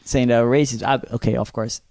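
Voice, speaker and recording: Brazilian dude on a podcast, mid-pitch voice, dry close mic, chatty and swears a lot. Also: male voice, quick pace, vocal fry, no room sound. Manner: animated, swears freely, acts out quotes. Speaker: podcast co-host and comedian. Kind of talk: casual storytelling chat.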